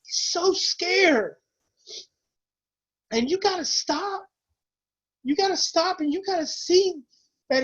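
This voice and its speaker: A man's voice: very high-pitched, expressive, unhurried, long pauses, a bit bright, dull audio. A man presenting a parenting webinar, urging parents on in an emphatic, repetitive, preacher-like way. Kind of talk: impassioned webinar teaching.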